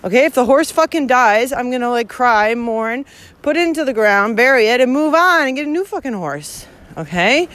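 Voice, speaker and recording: A woman's voice: fairly high pitch, animated, moderate pace, a bit bright. Blunt, profane woman vlogging outdoors. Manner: profane, blunt, laughs often. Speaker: hiking vlogger. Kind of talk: casual rant while walking.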